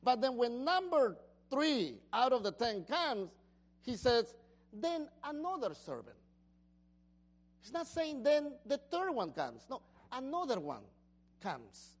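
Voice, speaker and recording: Brief: woman pastor, sermon, high lively voice, animated and questioning. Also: slow pace. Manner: animated, questions the congregation, shouts the master's praise.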